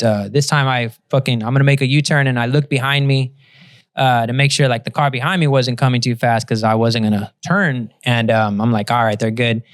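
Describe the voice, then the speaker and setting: A man's voice: mid-range voice, no echo, clean studio sound. A man hosting a podcast, telling a story in a casual, profane way and acting out the other people in it. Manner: profane storyteller, lively retelling with put-on voices. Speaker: podcast host. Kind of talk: casual chat.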